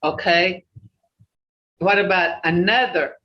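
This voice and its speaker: A language teacher running an online class, folksy and plain-spoken, slowly repeating native words to drill their sounds. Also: mid-range voice. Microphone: video call. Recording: distant, roomy, dull video-call audio with faint hiss.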